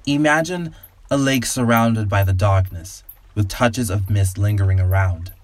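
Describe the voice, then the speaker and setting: A man hosting a podcast and narrating a story in a calm, measured, soothing way. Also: fairly low pitch, dry recording. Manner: calm, slow, soothing guided-imagery delivery.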